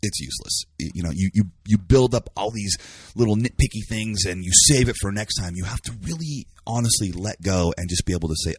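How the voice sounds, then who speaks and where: A man with a deep, husky voice talks earnestly in a casual interview. He rambles a little and searches for words. The sound is dry, with no room around it. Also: animated, a little fast, no room sound. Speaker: guest. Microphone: live stream by phone.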